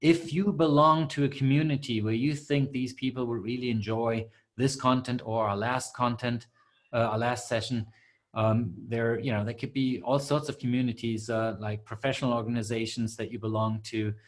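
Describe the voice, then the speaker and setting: A man's voice: medium pitch, steady tone, moderate pace. A man hosting a live webinar Q&A as a coach, answering questions with many fillers and restarts.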